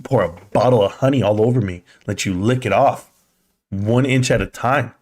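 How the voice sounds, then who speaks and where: Sultry deep-voiced male seducer, breathy murmuring tease, a man hamming it up. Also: moderate pace, darkish tone, natural voice. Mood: mock seductive.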